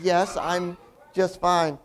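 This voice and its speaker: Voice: mid-range voice, level tone, slow pace, slight background noise. A performer playing the earnest straight man in a comedy routine, patiently explaining things with stammering restarts.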